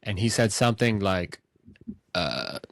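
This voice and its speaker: Give me an excitable man hosting a movie podcast, recorded dry and close. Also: on the low side, measured pace, creaky, no room sound. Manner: excitable, animated storytelling. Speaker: podcast host. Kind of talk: casual movie podcast chat.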